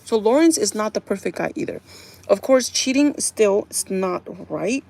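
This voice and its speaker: A woman's voice: mid-range voice, expressive, normal speed, creaky, a little mellow. A woman hosting a livestream, chatting casually to her viewers and acting out bits of dialogue as she retells a story. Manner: chatty, addresses viewers as "you guys"; acts out characters' lines in quotes. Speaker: livestream host. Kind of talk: casual chat recapping a TV show.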